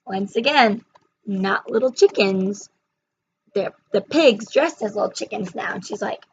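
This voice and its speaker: A woman's voice: medium pitch, unhurried, gravelly, a little mellow, a little hiss or hum. A young woman retelling and reviewing a children's book in a chatty way, with frequent fillers, on a slightly muffled recording.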